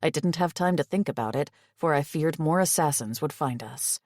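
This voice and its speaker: A woman narrating a first-person audiobook in an expressive, breathy reading. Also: low-pitched, normal speed, dry recording, studio quality.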